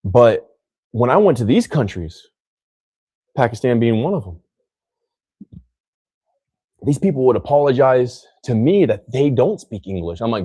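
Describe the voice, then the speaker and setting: A man's voice: medium pitch, sing-song, a little slow, pauses often, warm tone, breathy edge, no room sound. A man from the United States hosting a casual podcast chat, rambling with many restarts and acting out other people's lines. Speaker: podcast host.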